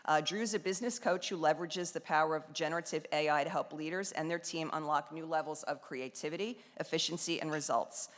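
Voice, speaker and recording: A woman's voice: low-pitched, fast talker, hardly any pauses, long reverb tail. A woman moderating an event, introducing the keynote speaker from a script with some fillers.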